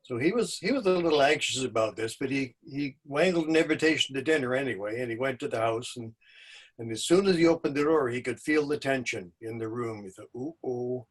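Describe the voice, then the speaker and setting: Folksy man telling a tale. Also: mid-range voice. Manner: unhurried, folksy, wry. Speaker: storytelling host. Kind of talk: telling a folk tale to a live audience.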